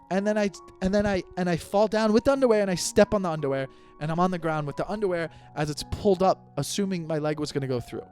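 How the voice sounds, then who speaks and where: A man in his thirties hosting a solo podcast, ranting in an exasperated, comedic way and often restarting his sentences. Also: sits high. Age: 30s. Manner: animated, exasperated, repeats and restarts himself. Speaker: podcast host.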